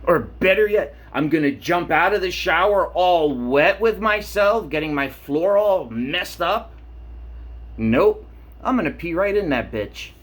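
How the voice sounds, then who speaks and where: Man, late 30s, vlogger: husky, slightly high voice, rambling and profane. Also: unhurried. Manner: profane, animated, worked up. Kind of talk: rambling casual monologue. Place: home shower.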